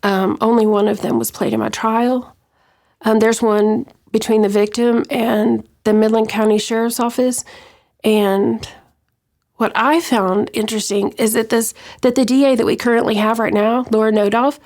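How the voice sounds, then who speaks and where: A middle-aged woman from West Texas recounting her own story in an interview, hesitant with many pauses and restarts. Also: fairly high pitch, steady tone, darkish tone. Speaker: interview guest. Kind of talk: personal account in an interview.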